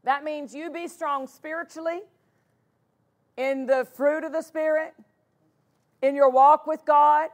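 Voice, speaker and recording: A woman's voice: high-pitched, fairly even intonation, slow, pauses often. A woman pastor preaching a sermon, stressing and repeating key phrases with emphatic conviction.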